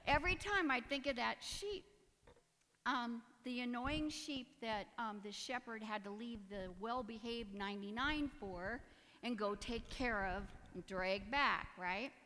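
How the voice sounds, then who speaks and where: A woman's voice: a little high, slow, a bit bright, in a large hall, slight background noise. A woman giving a personal testimony in church, earnest and emotional, with nervous little laughs. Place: church sanctuary.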